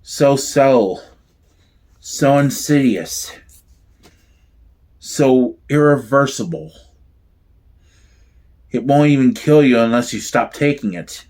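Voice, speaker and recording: Bitter intense teen noble, guy reading him, slow and heavy. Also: mid-range voice, darkish tone, close to an everyday voice.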